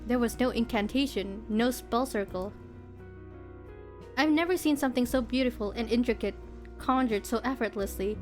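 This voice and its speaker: A young woman with a fairly high voice livestreams herself reading a visual novel aloud at a moderate pace. She narrates expressively and slips into giggly asides while soft game music plays underneath.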